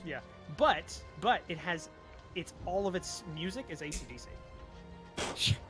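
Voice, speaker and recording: A man with a slightly raised pitch, chatting casually over voice chat during a strategy game session. He rambles and hunts for words, with clear game music playing behind him. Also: slow pace. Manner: rambling, grasping for words, excitable.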